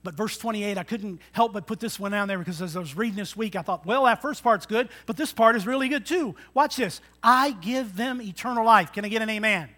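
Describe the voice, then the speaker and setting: A man in his sixties, a pastor preaching a sermon, swinging between loud emphatic lines and quiet asides. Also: high voice, a little fast, few pauses. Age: 60s.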